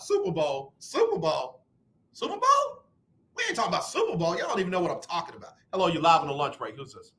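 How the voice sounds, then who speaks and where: A man hosting a sports talk radio show, teasing callers and trash-talking loudly. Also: high-pitched.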